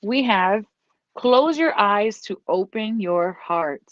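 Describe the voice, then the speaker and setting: A woman's voice: medium pitch, lively intonation, takes it slowly, dry recording. A woman giving a casual tarot reading. She is encouraging and repeats herself, and now and then she breaks off to scold her dog. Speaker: tarot reader. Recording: dull lo-fi dry recording.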